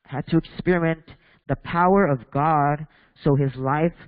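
A man preaching a bilingual sermon in a church, reading scripture and switching between English and Spanish with halting restarts while questioning the congregation. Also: fairly high pitch, no echo, in a large hall, phone-quality sound.

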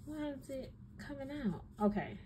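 Lively chatty woman vlogger. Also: sits high, normal speed, a little hiss or hum. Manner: animated, exclaiming, talks straight to viewers. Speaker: stationery vlogger. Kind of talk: casual chatty haul video. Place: at home desk.

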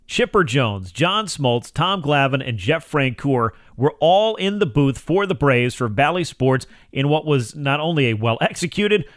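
A man hosting a sports radio talk show, delivering an energetic, polished broadcaster read. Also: a little high, no room sound, clean studio sound. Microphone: studio microphone.

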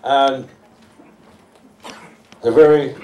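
A man co-hosting a community event, loudly and playfully rousing the audience. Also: mid-range voice, fairly even intonation, extremely slow, lo-fi sound. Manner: loud, jokey crowd-rousing. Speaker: co-host. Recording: echoey hall, crowd noise, distant.

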